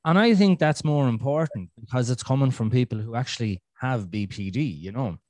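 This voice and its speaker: A man's voice: mid-range voice, animated, a little fast, a little mellow, no room sound. An Irish man hosting a podcast in casual chat, rambling with frequent restarts and swearing. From Ireland. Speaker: podcast host.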